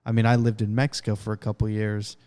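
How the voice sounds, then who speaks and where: A man co-hosting a podcast, speaking in a relaxed, matter-of-fact way with many fillers in a casual chat. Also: lowish voice, quick pace. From California. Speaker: podcast co-host.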